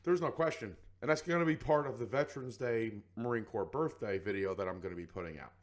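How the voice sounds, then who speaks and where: A man's voice: medium pitch, quick pace. A man co-hosting a podcast, telling a story in casual chat and acting out other people's voices. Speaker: podcast co-host.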